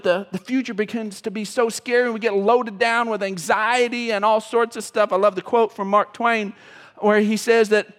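Pastor guy preaching, real high voice, big echoey church, gets loud then goes quiet. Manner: emotional, swings from loud to hushed. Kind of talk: sermon. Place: church sanctuary. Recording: long reverb of a church hall.

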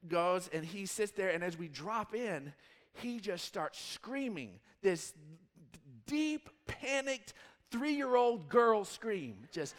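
A man in his thirties, a pastor telling a rambling, animated story in a sermon. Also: high voice, in a large hall. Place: church hall.

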